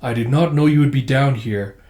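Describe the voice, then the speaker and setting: Excitable male space colonel, blunt, higher voice, a man reading it, echoey room. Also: a little fast, lightly acted. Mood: solemn. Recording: roomy echo.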